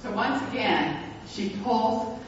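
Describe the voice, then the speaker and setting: A pastor telling a story in a sermon, speaking reflectively and slowing down for emphasis. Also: medium pitch, animated, slight background noise. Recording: echoey hall, distant mic, dull sound.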